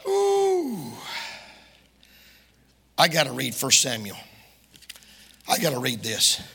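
A male Baptist preacher, giving a folksy, joking sermon that bursts into shouting, with a husky voice and a long church hall reverb. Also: mid-range voice, moderate pace. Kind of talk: lively sermon.

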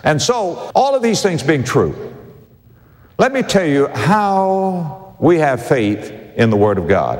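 Man preaching with lively pitch, echoing hall. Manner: emphatic preaching with repetition and slowed key phrases. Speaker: pastor. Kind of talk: sermon.

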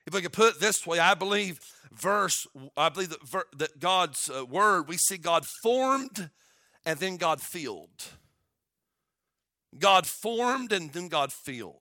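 A male pastor preaching a sermon, moving between quiet storytelling and loud, shouted exhortation. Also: sits high, animated, measured pace, no echo, clean studio sound.

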